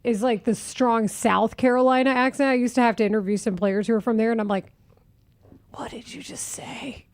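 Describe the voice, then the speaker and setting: A woman from Texas hosts sports talk radio from a studio, animated and quick to jump in. Her voice sits a bit high, and she slips into a news-reading delivery for sponsored items.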